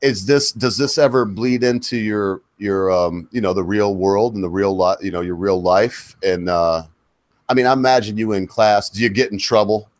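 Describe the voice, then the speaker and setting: Low-voiced rambling man on a video call. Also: no room sound. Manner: rambling, halting, heavy on "you know". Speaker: podcast co-host interviewing a guest. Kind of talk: casual live-stream chat.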